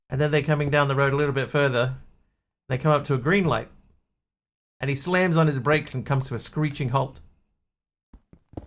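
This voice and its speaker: A man's voice: mid-range voice, fairly quick, long pauses. A man streaming a video game live, rambling, telling jokes and talking to his chat. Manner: rambling, joking, talks to chat.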